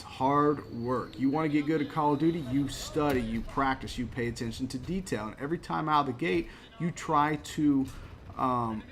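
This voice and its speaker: A man's voice: fairly high pitch, fairly bright tone. Chatty man in his thirties commenting on a game. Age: 30s. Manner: chatty, motivational, laughs at himself. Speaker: gaming channel host. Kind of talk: casual gameplay commentary.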